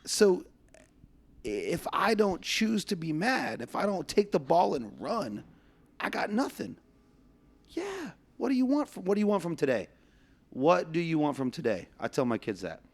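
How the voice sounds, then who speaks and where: A man's voice: on the high side, big pitch swings, normal speed. Man, podcast host, casual chat, laughs a lot, swears freely, storytelling.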